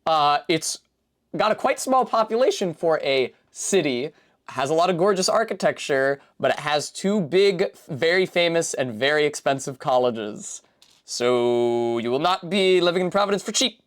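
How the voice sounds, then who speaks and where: A woman's voice: deep voice, lively intonation, moderate pace. Young woman, streamer, from Rhode Island, casual live chat, rambling, profane, self-mocking, answering chat. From Rhode Island, USA. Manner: reads out and answers chat messages.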